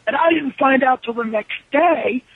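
A man tells stories over a tinny phone line in a very high, gravelly voice. He is profane and animated, and he acts out everyone's lines himself. His voice is raspy and the sound is dry. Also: moderate pace, dry recording. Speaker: wrestler being interviewed. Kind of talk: profane storytelling interview. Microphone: telephone.

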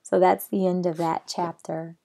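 Middle-aged lady reading a kids book out loud, lowish voice, bit of fry. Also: little pitch movement, a little slow. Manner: gentle, plain reading, chatty afterward. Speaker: storybook reader. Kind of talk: reading a children's novel aloud.

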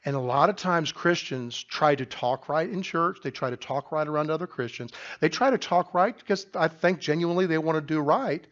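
A middle-aged man, the pastor, preaching a sermon loudly and emphatically, often restarting his sentences. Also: a little high, fairly quick, few pauses, dull audio. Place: church sanctuary.

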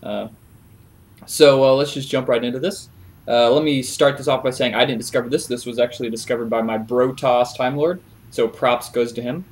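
A young man casually explaining a video game trick over a replay, relaxed, with frequent filler words. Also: medium pitch, normal speed. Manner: relaxed, many "uh" fillers, chuckles. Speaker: gaming video creator.

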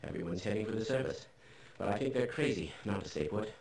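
A stubborn scientist survivor, low and gravelly, full of smug self-assurance. His lines ring out with a roomy echo in the game audio. It is video game dialogue. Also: expressive, quick pace, a little mellow, slight background noise.

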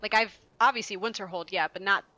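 A woman's voice: mid-range voice, brisk, bright, forceful tone, muffled recording. A woman streaming a video game, chatting casually in a rambling, profane way and laughing often. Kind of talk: casual chat while playing a game.

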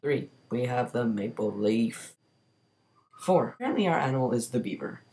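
A man's voice: mid-range voice, lively intonation, normal speed, a little mellow. A young man from Canada, chatting casually to his camera at home, rambling and joking with lots of filler words. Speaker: vlogger. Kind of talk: casual vlog chat to camera. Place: bedroom.

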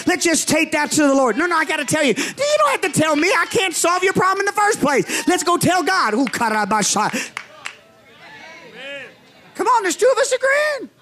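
A man preaching a charismatic sermon as pastor, fervent, with shouted declarations and drawn-out emphasis. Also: extremely high pitch. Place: church sanctuary.

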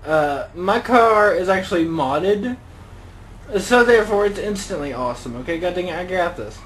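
A young man with a slightly high voice talks through his gameplay in a loose, rambling way. He jokes, grumbles and mutters exclamations to himself as he plays. A faint hiss of noise sits under the recording. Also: animated, normal speed, a bit bright, low-quality recording. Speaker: gaming channel host. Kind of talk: casual gameplay commentary.

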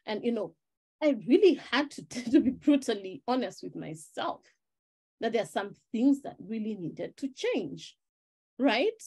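A woman life-purpose coach giving an animated webinar talk, often asking "right?" and reading out viewers' names and chat replies. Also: fairly high pitch, a little slow, husky. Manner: animated, testimonial, keeps checking in with "right?".

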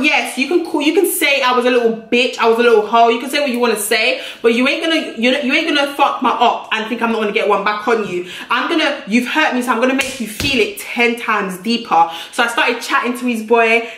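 A young woman tells a storytime to her channel, blunt and brash, swearing freely. Her voice is bright and forceful, sitting a little high, and it bounces around an echoey room. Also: brisk, hardly any pauses. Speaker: YouTuber. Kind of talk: storytime vlog.

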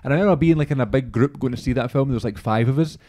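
Guy talking quick on a podcast, upbeat, keeps things moving. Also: medium pitch, dark tone. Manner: quick, upbeat, leads the talk. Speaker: podcast host. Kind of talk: casual chat.

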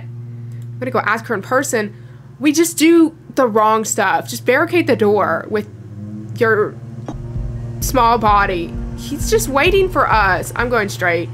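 A woman's voice: fairly high pitch, sing-song, a little slow, fairly bright tone, slight background noise. A woman playing a horror game and giving casual commentary, sarcastic and joking as she goes. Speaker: gameplay commentator.

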